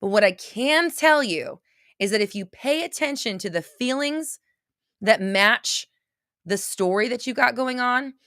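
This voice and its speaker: A woman's voice: on the high side, lively intonation, unhurried, a bit bright, no echo, clean studio sound. Blunt, intense woman livestream host. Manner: blunt, intense, repeats phrases for emphasis. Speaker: livestream host answering viewer questions. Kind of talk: unscripted livestream talk.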